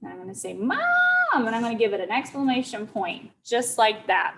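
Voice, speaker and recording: A woman's voice: medium pitch, slight background noise, low-quality recording. A teacher telling a young-children's story, checking in often with her listeners. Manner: slow, deliberate, checks in with listeners.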